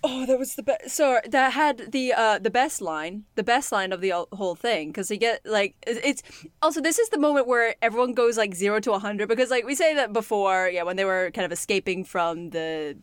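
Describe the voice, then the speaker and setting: A woman's voice: mid-range voice, brisk, clear, resonant tone, dry recording, studio quality. A woman co-hosting a casual podcast, recapping a show with lots of laughter and casual swearing. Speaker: podcast co-host.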